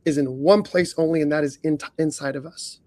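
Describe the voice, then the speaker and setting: A man co-hosting a leadership coaching podcast, earnest, stacking up rhetorical questions and often clearing his throat. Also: fairly high pitch, steady tone, fairly quick, a little mellow, dry recording.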